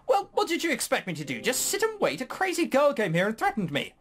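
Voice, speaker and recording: A voice-over player doing a jittery young woman, pitched high. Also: huge pitch swings, quick pace, a bit bright, heavily acted. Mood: anxious. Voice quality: high, pleading. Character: anxious frightened young woman.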